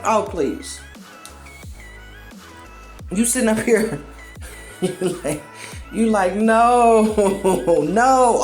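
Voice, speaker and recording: Blunt, profane woman with a high voice. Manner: blunt, profane, animated storytelling with acted-out quotes. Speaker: commentary host. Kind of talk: casual commentary monologue.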